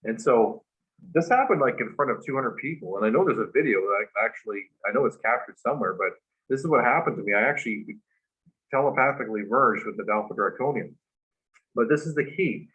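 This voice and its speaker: A man, a guest, casually telling a long story, animated and full of fillers. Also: mid-range voice, brisk. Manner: animated retelling with many fillers. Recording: dull lo-fi recording.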